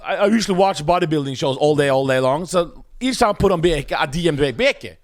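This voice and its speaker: A man's voice: on the high side, quick pace. A man hosting a casual radio chat about bodybuilding, playful and teasing. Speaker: host.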